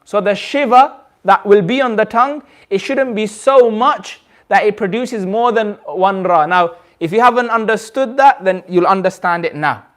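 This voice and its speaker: A man's voice: high voice, moderate pace, hardly any pauses, fairly bright tone. A man with a British accent teaching a recitation class, patiently repeating and demonstrating sounds and often checking that the students understand. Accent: British English. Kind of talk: classroom tajweed lesson.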